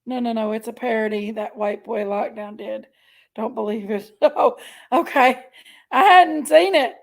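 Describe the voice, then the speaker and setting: High gravelly woman hosting a live chat. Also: a little slow. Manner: chatty and affectionate, calls viewers pet names. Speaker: livestream host. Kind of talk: casual live chat greeting viewers.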